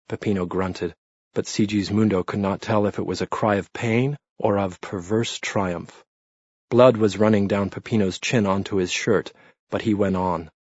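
A man narrating a novel in a measured, literary audiobook style. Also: lowish voice, a little mellow, no room sound. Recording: dull lo-fi dry read.

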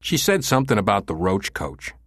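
A man's voice: lowish voice, sing-song, fairly quick, gravelly, a bit bright, no echo, clean studio sound, full character voice. A man voicing a crude, cocky young male punk who swears and mocks, in a raised voice. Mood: mocking, brash. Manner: brash, swearing, mocking.

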